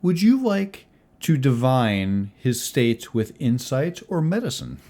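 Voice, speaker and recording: Animated male game master. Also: mid-range voice, takes it slowly. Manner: animated, theatrical narration. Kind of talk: narrating a tabletop game.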